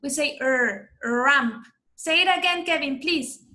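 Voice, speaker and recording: Bright high-voiced teacher on a video call. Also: female voice, normal speed. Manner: patient, coaches pronunciation and calls on pupils. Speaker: English teacher. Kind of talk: online class for children.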